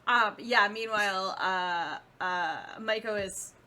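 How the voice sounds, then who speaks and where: A woman's voice: mid-range voice, bright, forceful tone. A woman describes what her character does in a tabletop game, taking her time and drawing out each phrase. Her speech is hesitant and easygoing. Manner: slow, hesitant. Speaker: player. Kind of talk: casual tabletop play.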